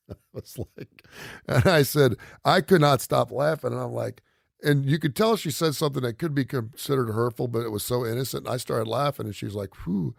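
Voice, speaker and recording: A middle-aged man hosting a radio talk show, telling family anecdotes in a casual, animated way and laughing often. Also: medium pitch, normal speed, gravelly, no echo, studio quality. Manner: animated anecdote teller, quotes his kids, laughs often. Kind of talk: casual radio chat, storytelling.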